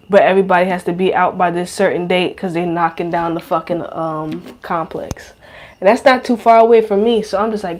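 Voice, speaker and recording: A young adult woman hosting a podcast, rambling in a casual monologue, slangy and profane, full of fillers. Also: fairly low pitch. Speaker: podcast host.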